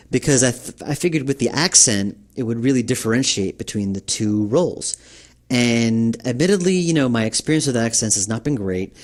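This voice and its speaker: A man's voice: medium pitch, fairly quick. A man giving a developer's commentary on his game, talking in a rambling, hesitant way full of fillers. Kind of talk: director's commentary.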